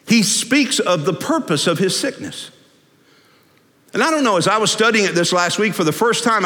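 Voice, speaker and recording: A man's voice: sits high, sharp tone. A man preaching a sermon in a conversational, humorous storytelling way. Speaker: pastor. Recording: echoey hall.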